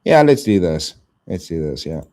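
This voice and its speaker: A man's voice: low voice, very animated, moderate pace, dark tone. A man hosting a casual live stream, swearing and thanking donors in slang.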